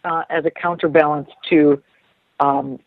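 A woman's voice: low voice, steady tone, unhurried, dry recording. Woman, radio guest, chatty, rambling restarts, dull lo-fi sound, dry. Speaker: guest commentator. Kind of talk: casual radio chat.

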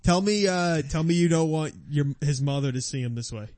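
Man, casual comedy banter, directing, fairly high voice, dry recording. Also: a little fast, darkish tone, no room sound.

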